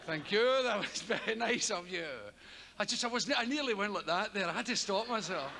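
A Scottish comedian with a high-pitched, creaky voice does live stand-up on a theater stage, telling rambling, profane, animated stories fairly quickly into a stage mic. The reverberant hall has a loud audience and background noise.

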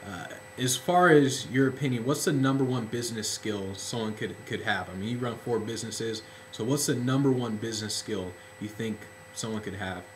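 A man asking casual interview questions in a relaxed way, with plenty of fillers. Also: medium pitch, moderate pace, hardly any pauses, a little hiss or hum, rough recording. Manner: relaxed, with many fillers and restarts.

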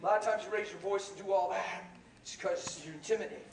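A man preaching a sermon and telling stories, animated, laughing, and shouting at the peaks. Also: sits high, quick pace, gravelly. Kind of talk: sermon with storytelling. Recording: echoey hall from far off with crowd.

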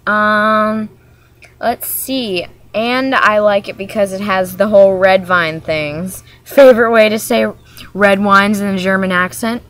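A woman's voice: mid-range voice, fairly even intonation, unhurried. A woman from Maryland chatting casually in a vlog, talking in a hyper, rambling way that jumps from topic to topic. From Maryland, USA. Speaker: vlogger.

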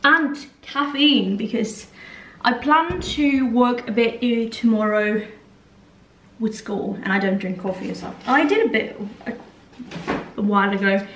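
A woman's voice: on the high side, a little slow, a bit bright, slight background noise. A young Norwegian woman vlogging casually at home, chatty and rambling with giggly asides, speaking English as a second language. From Norway. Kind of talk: casual vlog chat. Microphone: compact camera held or set nearby. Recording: echoey room, somewhat far from the camera.

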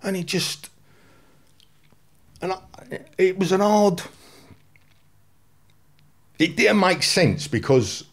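A man's voice: high voice, slow, long pauses. A man in his forties with a London accent, telling his life story in a blunt, slangy way. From England. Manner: blunt and unpolished, lively storytelling with dropped-in slang. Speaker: guest.

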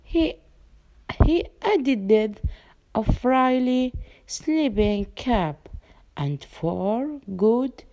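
A young woman reads a children's story aloud, very slowly and with many restarts on words. Her voice is fairly high yet mellow and soft in tone. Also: expressive. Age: young adult. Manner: halting reading with frequent restarts. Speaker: student reading a story.

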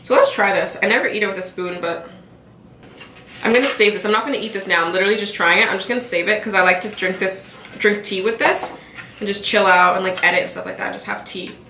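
A woman's voice: mid-range voice, fast talker, sharp tone, slight background noise. Chatty young woman, echoey room. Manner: chatty, exasperated, lots of "like" fillers; talking while eating and chewing. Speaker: vlogger. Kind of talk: casual mukbang rant. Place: home, at a dining table.

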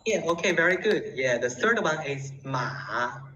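A teacher leading a live online class who keeps filling pauses with "yeah", heard through distant, dull call audio. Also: mid-range voice, lively intonation, pushed and bright, reverberant, a little hiss or hum. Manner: fills with frequent "yeah".

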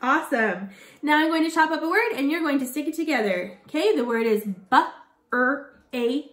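A woman teacher talks young learners through a phonics lesson, stretching out every sound and praising them often. Her voice sits a little high and moves all over the place. The room around her echoes noticeably. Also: expressive, a bit bright. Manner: slow, sound-by-sound phonics drilling with an encouraging tone. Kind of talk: early reading lesson for children.

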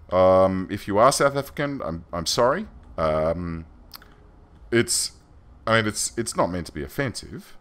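A man's voice: deep voice, expressive, a little slow, a bit bright. An Australian man giving chatty, rambling gameplay commentary as a let's play host, self-deprecating and loose.

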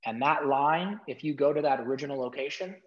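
A middle-aged man telling an emotional story as an interview guest, animated, acting out quotes and using many "like" fillers. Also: mid-range voice, brisk. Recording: dull lo-fi sound.

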